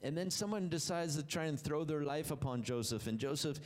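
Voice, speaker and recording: A man preaching a sermon, telling the story with animated delivery that rises and drops low for emphasis. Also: fairly quick.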